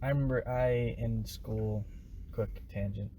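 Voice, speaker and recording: Young dude cohosting a chill podcast, rambly, laughs a lot, bit of hiss. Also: male voice, mid-range voice, steady tone, measured pace, dark tone. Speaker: podcast co-host. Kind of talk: casual chat.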